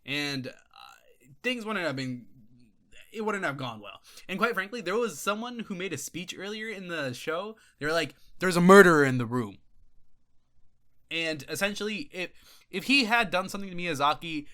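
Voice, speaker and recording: A man hosting a gaming video, giving casual commentary over a clip. He is excitable, swears freely, and laughs and restarts often. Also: high voice, moderate pace.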